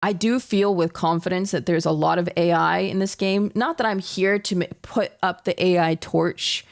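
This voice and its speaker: A woman's voice: fairly low pitch, fairly even intonation, normal speed, vocal fry. A young woman streaming a horror game, exasperated and sarcastic, talking to her chat. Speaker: gaming streamer. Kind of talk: let's-play commentary.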